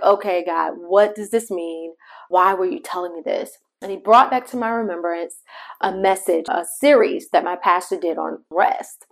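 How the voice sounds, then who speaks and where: A woman's voice: medium pitch, gravelly, a bit bright. A middle-aged woman hosting a devotional podcast, telling a personal story in a conversational way and talking straight to her listeners. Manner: shifts pace between slow emphasis and quick asides. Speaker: podcast host.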